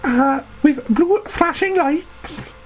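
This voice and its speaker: A woman's voice: sits high, drawn-out words, a little hiss or hum, low-quality recording. A woman narrating a comic audio story in character, talking in a brash, boastful, rambling way.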